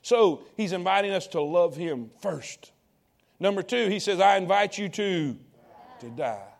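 High-voiced preacher man. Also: animated, a little slow, vocal fry. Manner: call-and-response preaching to congregation. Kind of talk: sermon.

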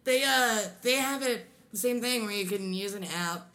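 Bright-voiced woman in casual chat. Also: medium pitch, moderate pace. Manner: chatty, searches for words, laughs easily.

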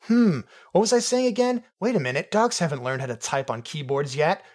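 A man voicing a pack of easily distracted dogs who bark woof in a high voice. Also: sing-song, fairly quick, darkish tone. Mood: excited. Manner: scatterbrained, barking woof.

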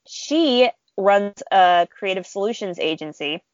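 Woman guest, fan artist, lively storyteller, muffled close mic. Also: mid-range voice, a little slow, no room sound. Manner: animated, chatty, frequent laughs and fillers. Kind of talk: casual storytelling interview.

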